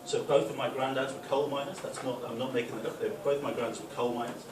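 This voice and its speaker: A young man from the North East of England with a softened Geordie accent, doing a chatty stand-up routine. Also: mid-range voice, fairly even intonation, fast talker. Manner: chatty, with tag questions; loud put-on voices for punchlines. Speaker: stand-up comic. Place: club function room. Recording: echoey room, distant, noisy.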